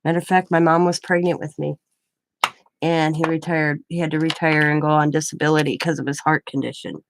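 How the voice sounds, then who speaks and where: A woman's voice: deep voice, flat delivery, fairly quick, background noise. A woman in her forties, a craft channel host, telling a rambling family story in casual chat. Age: 40s.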